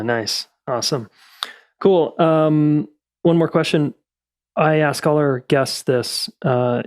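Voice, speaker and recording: A man's voice: medium pitch, a little mellow, no echo, clean studio sound. A man hosting a podcast, easygoing and affirming, with many "uh" fillers. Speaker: podcast host. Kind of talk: podcast interview and outro.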